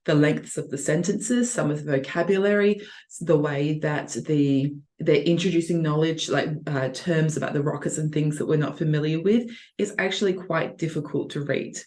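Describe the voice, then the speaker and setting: A young adult woman with a low, darkish voice teaches an online tutoring lesson, going over reading test answers with her students. She keeps it chatty and reassuring, acting out example voices as she goes.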